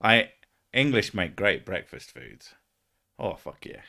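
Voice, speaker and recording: A man's voice: lowish voice, very animated, slow pace, gravelly, bright, forceful tone. A young man hosting a casual stream chat, joking, swearing often and laughing between jokes. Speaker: streamer host.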